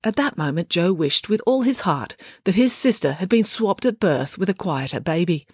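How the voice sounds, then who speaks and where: A woman, narrating a children's audiobook in an expressive storytelling manner. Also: fairly low pitch, normal speed, breathy edge, no echo, clean studio sound. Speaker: author and narrator.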